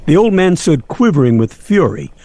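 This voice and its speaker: Gravelly, mellow man, wry nostalgic storyteller, lively delivery. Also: a little high, normal speed. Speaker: narrator.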